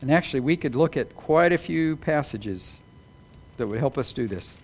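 A man preaching an Easter sermon, building to emphatic peaks with quick apologetic asides. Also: medium pitch, expressive. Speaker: pastor.

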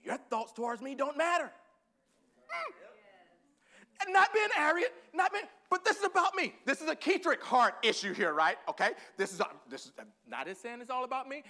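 Texan preacher, man, high bright voice, goes from hushed to fired-up shouting. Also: big pitch swings. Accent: Texan Southern. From Northeast Texas. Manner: swings from low, quiet musing to loud, fervent, drawn-out preaching; laughs and exclaims often. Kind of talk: sermon.

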